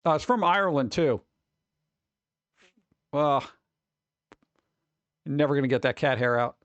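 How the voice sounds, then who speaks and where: A man chatting casually on a live stream, reading chat and reacting with quick exclamations. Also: fairly high pitch, a bit bright, no room sound.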